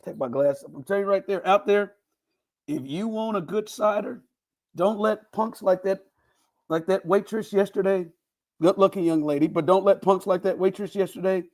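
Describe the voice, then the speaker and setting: A man hosting a casual sports podcast, telling stories with playful mock indignation. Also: high voice. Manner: animated storytelling, playful indignation. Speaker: podcast host.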